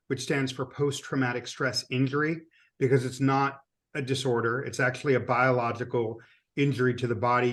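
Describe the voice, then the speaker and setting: A man, an author guest on a podcast, who jokes around and then explains his point earnestly. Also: mid-range voice. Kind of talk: interview answers.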